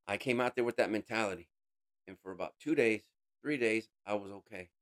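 A man giving an emotional personal testimony in an interview, earnest, calling the listener bro, voice rising high and dropping to a hush. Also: brisk. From United States. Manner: swings between raised intensity and hushed quiet. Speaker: interview guest.

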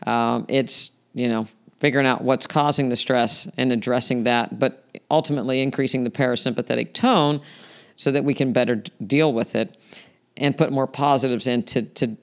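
Alone at the mic, this male podcaster walks through health subjects in a chatty, explanatory way, sprinkling in plenty of "you know"s. He speaks at a moderate pace with a smooth, medium-pitched voice and fairly even intonation.

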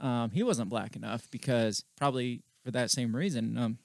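A man co-hosting a podcast, talking politics in a casual, animated way. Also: mid-range voice, moderate pace, creaky, no room sound. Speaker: podcast co-host.

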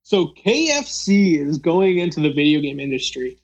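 A man's voice: a little high, big pitch swings, moderate pace, muffled recording. A man hosting a casual chat, rambling with many fillers.

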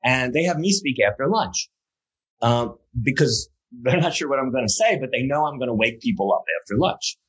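A man's voice: medium pitch, expressive, normal speed, fairly bright tone, breathy edge, poor audio. A man speaking as an interview guest, telling a story in a loose conversational way, full of fillers and restarts, then building to emphatic points. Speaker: guest speaker on safety culture.

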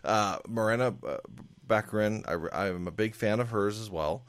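A man's voice: on the low side, moderate pace, clean tone, dry recording. A man on a casual movie review panel who laughs a lot and restarts his sentences. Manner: laughs often, stammering restarts.

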